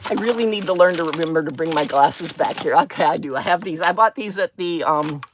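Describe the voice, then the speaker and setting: A woman's voice: low-pitched, brisk, noisy background. A woman hosting a craft livestream, chatting casually and gushing with delight over her supplies. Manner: bubbly, gushing, squeals of delight. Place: craft table at home.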